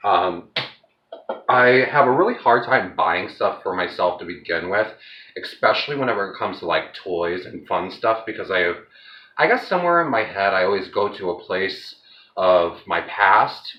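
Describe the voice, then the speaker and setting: A man's voice: deep voice, animated, normal speed, roomy sound, dull audio. A man chatting casually to his viewers while he cooks at home, rambling from one thought to the next. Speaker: home cooking vlogger. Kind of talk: casual cooking vlog chat. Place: home kitchen.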